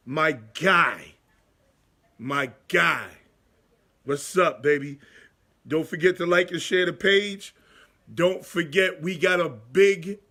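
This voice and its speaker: A middle-aged man hosting a live sports talk show, chatting casually and giving shout-outs to viewers. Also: sits high.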